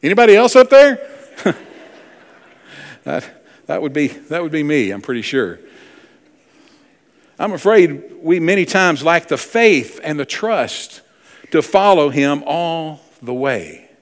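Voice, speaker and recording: A man's voice: fairly high pitch, very animated, slow pace. A man preaching a sermon, reading scripture aloud, earnest and swelling in volume for emphasis. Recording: long hall reverb in a church.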